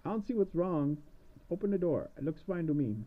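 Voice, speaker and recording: A man voicing a cranky old female witch in a high, shrill, bossy way, on a dull lo-fi recording. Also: lively intonation, a little fast. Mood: panicky.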